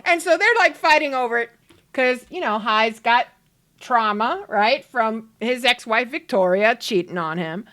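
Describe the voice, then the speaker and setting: A woman chats through her gameplay in a high, bright voice with wide swings of pitch. She talks at an unhurried pace and laughs often. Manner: chatty, laughing, animated. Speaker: let's play host. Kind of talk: casual gameplay commentary.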